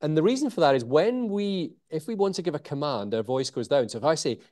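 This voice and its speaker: A man, talking as an interview guest. He is lively and changes his pace often, slowing right down and pausing to land his key points. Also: fairly high pitch. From Scotland. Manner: animated, varies pace and pauses for emphasis. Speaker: communication author and trainer. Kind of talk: interview guest explaining techniques.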